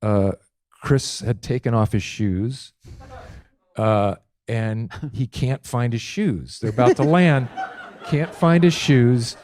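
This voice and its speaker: Man telling animated comedy anecdotes. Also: mid-range voice, slow pace, dry recording, studio quality. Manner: animated storytelling, acts out quotes. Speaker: guest. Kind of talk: anecdotes in a podcast chat.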